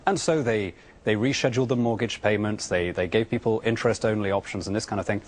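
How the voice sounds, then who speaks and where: A man's voice: on the low side, quick pace. A British man as a politician guest on a TV interview, arguing his views earnestly and often stammering through restarts. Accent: British English. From Britain. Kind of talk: remote TV interview answers.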